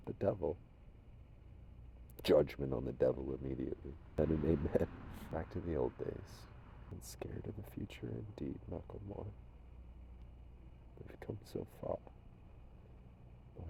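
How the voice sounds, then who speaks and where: A man from Minnesota talking casually to unseen spirits as a medium, rambling and shifting between loud commands and soft whispers. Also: extremely low pitch, a little slow, gravelly, pauses often, slight background noise. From Minnesota, USA.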